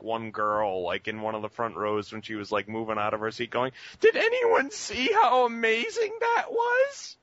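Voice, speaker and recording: Male podcast co-host, energetic storyteller, bright tone, dry lo-fi recording. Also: mid-range voice, no echo. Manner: excited storytelling full of "like" fillers. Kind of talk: casual chat.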